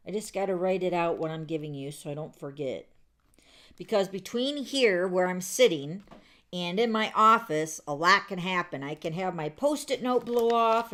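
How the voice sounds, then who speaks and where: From her home craft room, a woman hosts a card-making livestream and rambles with viewers in loose chat, stumbling into fillers and restarts. Her pitch is medium and her tone a little bright.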